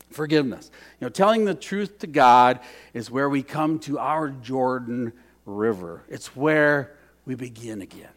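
A high-pitched man preaching a sermon. He drops to near-whispers and then rises to emphatic, raised lines, repeating key phrases over and over. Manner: dynamic, swings from hushed to emphatic. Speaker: pastor.

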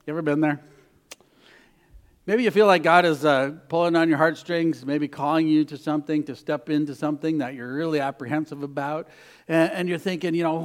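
A man preaching a sermon as a pastor, mostly soft and intimate, with lively bursts. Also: on the high side, moderate pace.

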